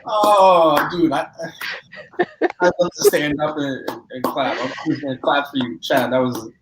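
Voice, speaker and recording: A man's voice: on the high side, lively intonation, a little slow. A man hosting a casual live-stream chat, loose and chatty with lots of fillers. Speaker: podcast host. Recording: echoey room with faint noise.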